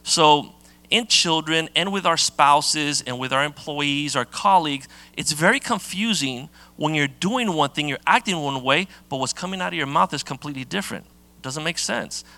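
A middle-aged pastor from giving a sermon in a casual, conversational way, with many fillers and restarts. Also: male voice, on the high side, moderate pace, bright, forceful tone.

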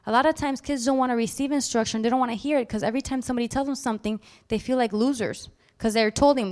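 A woman preaching a sermon in a lively, animated way, acting out little scenes sudden loud outbursts. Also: fairly high pitch, fast, few pauses.

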